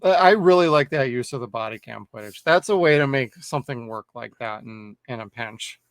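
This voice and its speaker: A man's voice: mid-range voice, animated, brisk, clean tone, dry recording, studio quality. A man co-hosting a podcast, chatting casually about a horror film, swearing freely and laughing often. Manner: profane, laid-back, laughs often. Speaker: podcast co-host. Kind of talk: casual movie review chat.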